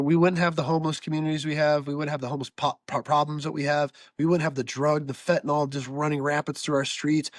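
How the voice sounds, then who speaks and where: A man's voice: fairly high pitch, no echo. A man ranting as a podcast guest over a video call, profane, with a stuffed-up, nasal voice. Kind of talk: casual podcast chat.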